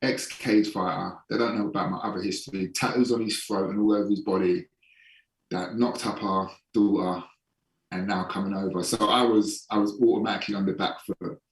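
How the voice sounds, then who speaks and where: A man in a casual podcast interview, a holistic performance coach who speaks frankly and swears casually, slowing down for emphasis. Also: lowish voice, fairly even intonation, recorded from a distance. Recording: echoey room, voice somewhat off-mic.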